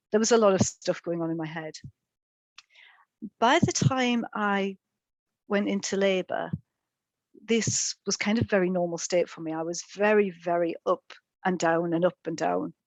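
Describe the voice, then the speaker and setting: Halting middle-aged woman telling her story. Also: on the low side, dry recording, poor audio. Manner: halting, with frequent ums and repeated words. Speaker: speaker sharing lived experience in a webinar. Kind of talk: personal testimony.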